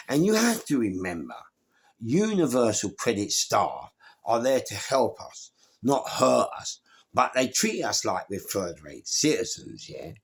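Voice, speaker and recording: Gravelly London man telling a story. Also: fairly low pitch. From England. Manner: acts out other people's voices, swears freely. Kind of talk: animated storytelling to camera.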